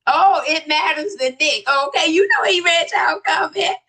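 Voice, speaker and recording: A woman hosts a commentary channel, reading out viewer comments and reacting to them with loud exclamations, talking straight to her viewers. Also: very high-pitched, normal speed.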